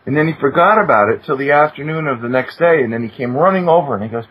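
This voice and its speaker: A husky man recounts a story in lively, animated fashion, jumping into higher, excited tones when he voices what someone said. His voice sits in an ordinary male range. The recording is dull and lo-fi. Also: quick pace, hardly any pauses. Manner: animated, acts out quoted speech with sudden high-pitched exclamations. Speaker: guest, attorney. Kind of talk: storytelling in casual talk. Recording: muffled lo-fi recording.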